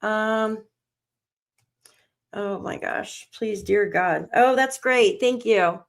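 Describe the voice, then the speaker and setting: Her voice sits at medium pitch, creaky, with words stretched out. This woman runs a live stream on a missing child case and talks to herself while searching for news, anxious, shaky, and plainly rattled.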